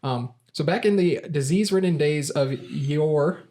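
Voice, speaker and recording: A man's voice: on the high side, measured pace, dark tone. A man hosting a casual podcast quiz, reading idiom origins aloud with stumbles and laughs. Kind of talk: casual group podcast chat.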